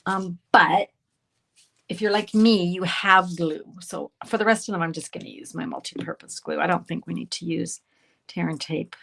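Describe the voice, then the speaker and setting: In a laid-back crafting tutorial, a card-making instructor from Canada talks to viewers and herself while working, teasing herself over her slips. Her voice is fairly low and gravelly yet fairly bright, at a moderate pace.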